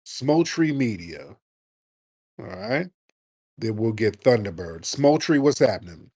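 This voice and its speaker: A man's voice: fairly low pitch, sing-song, measured pace, a little mellow, breathy edge. A man hosting a call-in radio show who argues sharply and presses his caller.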